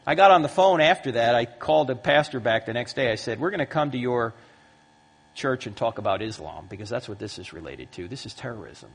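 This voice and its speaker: A man in his fifties giving a lively talk to a live audience in a large hall, acting out the voices in his stories. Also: medium pitch, fairly quick, breathy edge. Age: 50s. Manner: lively storyteller who acts out quoted voices. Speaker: Christian apologetics speaker. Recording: long hall reverb.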